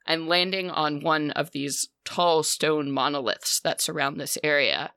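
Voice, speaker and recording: A woman's voice: sits low, a little slow, gravelly, a bit bright, smooth, no echo, clean studio sound. A woman narrating as game master in a tabletop role-playing game, descriptive and full of fillers.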